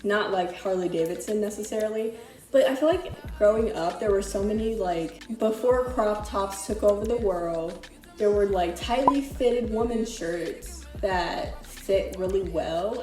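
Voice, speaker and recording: A woman's voice: mid-range voice, dark tone. A young woman vlogging casually about a thrift haul, chatty and loose with lots of filler words, a little out of breath. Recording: echoey room with faint music.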